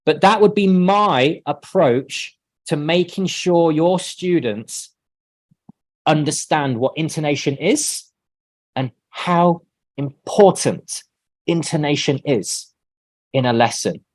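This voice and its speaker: A man leading an online teacher-training workshop, explaining in a relaxed way and acting out sample lines. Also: on the high side, slow pace, no room sound.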